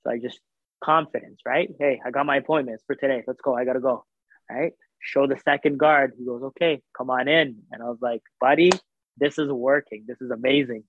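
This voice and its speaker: A man telling a story in casual chat, animated, acting out the voices of the people in it, with lots of fillers. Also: medium pitch, fairly quick, no echo. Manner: animated, acts out quoted voices, filler-heavy. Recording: tinny phone-like sound.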